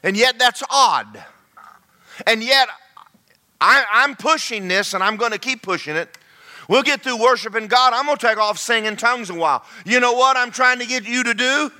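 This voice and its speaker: A man's voice: very high-pitched, lively intonation, moderate pace, sharp tone. A man preaching a sermon as pastor, folksy and repetitive, speaking in bursts.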